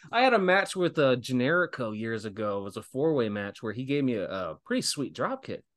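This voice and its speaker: Laughing, animated man telling stories. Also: mid-range voice. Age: 30s. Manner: animated storyteller, laughs often and swears freely. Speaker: guest pro wrestler. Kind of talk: casual podcast interview.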